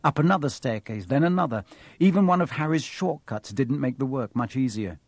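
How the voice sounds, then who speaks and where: A man reading a storybook aloud in a measured, expressive way. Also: mid-range voice, no echo. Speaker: audiobook narrator. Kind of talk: scripted storybook narration.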